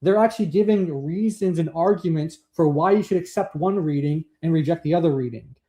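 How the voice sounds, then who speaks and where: A man with a somewhat high, mellow voice talks through a text in casual discussion. He rambles with many fillers and slows down when he reads quotes aloud. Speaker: co-host.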